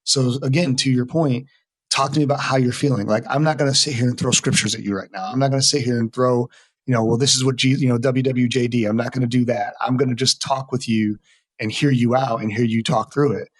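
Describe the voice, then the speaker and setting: Fast-talking earnest middle-aged man. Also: medium pitch, steady tone, no room sound. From United States. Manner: earnest, emphatic. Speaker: veteran mental health worker, interview guest. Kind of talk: casual conversational interview.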